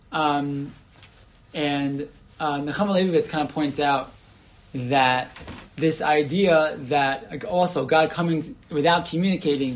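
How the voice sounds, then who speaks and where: A man leading an informal Torah class, talking conversationally with many restarts and putting questions to the group. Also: a little high.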